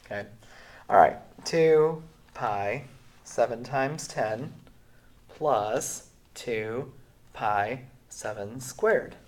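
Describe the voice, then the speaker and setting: A man who is sick, teaching a recorded math lesson in a relaxed way with many fillers, going through the steps slowly. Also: medium pitch. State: sick, voice sounds off. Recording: roomy echo.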